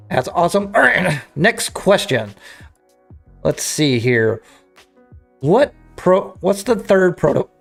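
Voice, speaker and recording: The voice is male, fairly high and creaky. He streams a game while chatting loosely with his viewers, thinking aloud and repeatedly restarting what he's saying.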